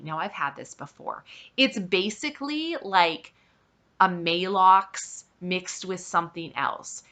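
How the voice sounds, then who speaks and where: A woman's voice: mid-range voice, unhurried, pushed and bright. A woman vlogger telling a personal story in a casual way, acting out bits of dialogue, with lots of fillers. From Saskatchewan, Canada. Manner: retells events with quoted dialogue, many fillers.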